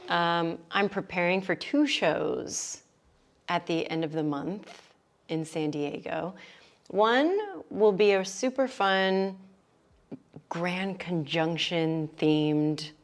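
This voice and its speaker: A young woman hosting a yoga livestream and chatting with viewers, bubbly and excitable, dropping to quiet asides. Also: fairly low pitch, takes it slowly. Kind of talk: casual chat greeting viewers. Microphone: livestream mic.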